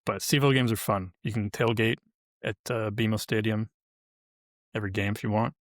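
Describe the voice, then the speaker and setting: A man's voice: on the low side, steady tone, brisk, no room sound, studio quality. A man hosting a podcast, chatting and joking in an easygoing way. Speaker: podcast host. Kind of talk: casual podcast chat.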